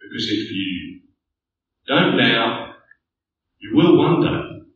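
A man's voice: mid-range voice, sing-song, slow pace, fairly bright tone, muffled recording. A man preaching a sermon, earnest and building to rhetorical questions. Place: church hall. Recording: echoey distant church room mic.

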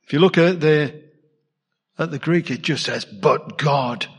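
A man's voice: on the high side, moderate pace, big-room sound. A man preaching a sermon in a church, conversational and asking his congregation questions. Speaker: pastor.

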